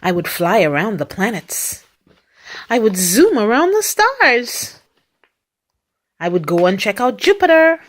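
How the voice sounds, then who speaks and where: Parent reading picture books aloud: woman, very lively pitch, fond of playful sound effects. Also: measured pace, pauses often. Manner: playful, acts out animal noises and sound effects. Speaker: parent reading to a young child.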